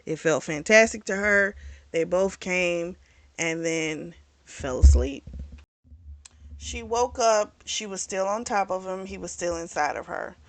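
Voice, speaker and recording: A woman with a lowish voice casually retells a novel's plot, frank and unembarrassed about explicit scenes. She rambles, correcting herself and leaning on fillers. The sound is dry, with no room echo. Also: measured pace. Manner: loose, rambling delivery with fillers and self-corrections. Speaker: book reviewer.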